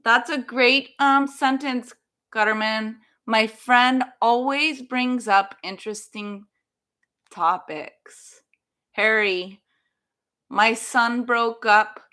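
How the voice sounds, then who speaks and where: Woman English teacher, live class; speaks slowly, fairly high voice, encouraging. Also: fairly even intonation, bright, forceful tone. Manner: slow, careful, encouraging explanations reading out students' sentences. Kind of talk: live online English lesson.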